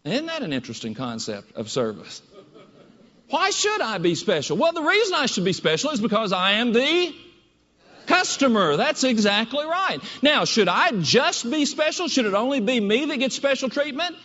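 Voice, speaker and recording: A man telling a story to an audience with lively, emphatic delivery and a high, swooping voice. The sound is dull and lo-fi with a long hall echo. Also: moderate pace. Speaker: speaker giving a presentation. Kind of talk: storytelling speech. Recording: dull echoey hall recording.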